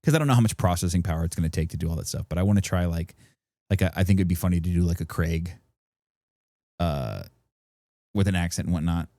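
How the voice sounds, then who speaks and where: Male podcast co-host, low mellow voice, rambling chatty delivery. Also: quick pace, long pauses, no room sound. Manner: rambling, explains at length with many fillers. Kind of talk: casual podcast chat. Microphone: studio podcast microphone.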